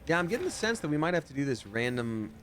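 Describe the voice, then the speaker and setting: A man's voice: fairly high pitch, sing-song, fast, a bit bright. A young man chatting casually while playing a game on a livestream, rambling and answering viewers' questions from his home setup. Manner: chatty, rambling, reads chat aloud. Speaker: streamer and voice actor. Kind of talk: casual livestream gameplay chat.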